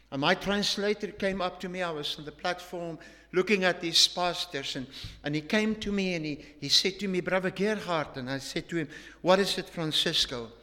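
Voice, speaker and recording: A man delivering a sermon as a story, earnest and emphatic, swinging between hushed passages and forceful rises. His voice is fairly high and bright, with an edge to it. A long reverb trails each phrase, as in a big church. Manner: earnest, emphatic, with frequent restarts and hushed drops. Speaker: preacher.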